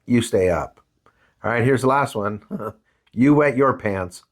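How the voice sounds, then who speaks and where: A man's voice: medium pitch, a little slow. A man teaching a parenting course, talking conversationally and acting out a story with quoted voices. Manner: conversational, tags lines with "right?" and "man"; animated, acts out voices in anecdotes. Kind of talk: lecture with storytelling.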